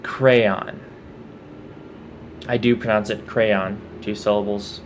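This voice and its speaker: A man's voice: lowish voice, fairly even intonation, slow pace, slight background noise. A man from Texas with a Texan accent, reading out a word list and casually commenting on how he says each word. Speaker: vlogger.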